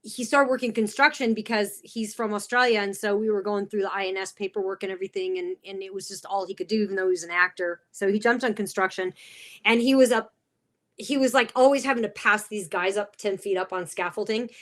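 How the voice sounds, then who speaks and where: A middle-aged woman, a podcast guest, telling funny stories in a casual, animated way and laughing often. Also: mid-range voice, a little fast. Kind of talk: casual storytelling.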